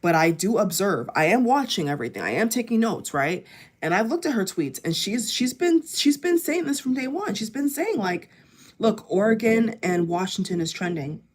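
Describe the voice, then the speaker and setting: A woman's voice: on the high side, very animated, normal speed, breathy edge. Emphatic woman vlogger ranting to viewers. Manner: emphatic, repetitive, addresses viewers directly. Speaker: political vlogger. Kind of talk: impassioned commentary to camera.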